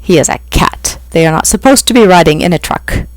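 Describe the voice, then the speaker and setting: A reader voicing an indignant, excitable male pixie who shouts in stiff, formal phrasing. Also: mid-range voice, fairly quick, no echo, natural voice. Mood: huffy protest. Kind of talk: audiobook reading.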